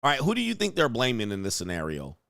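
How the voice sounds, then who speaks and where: A man's voice: mid-range voice, wildly swooping pitch, fast talker, creaky, fairly bright tone, no echo, clean studio sound. A man hosting a reaction commentary, blunt and crude as he talks straight to the viewer.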